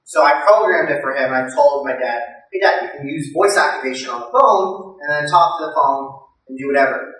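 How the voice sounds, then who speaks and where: Male stand-up comic, chatty with lots of fillers, forceful bright tone, heard from far off in a very echoey room. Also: fairly high pitch, fairly quick. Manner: chatty, with many fillers and loud mimicking voices. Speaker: stand-up comedian. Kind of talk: stand-up comedy set. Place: live comedy venue.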